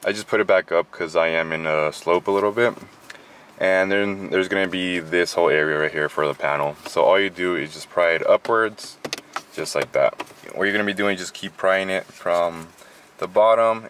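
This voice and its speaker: A man's voice: low voice, slight background noise. A man hosting his car channel, talking through a casual how-to with lots of fillers, a bit out of breath. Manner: relaxed, filler-heavy, chatty.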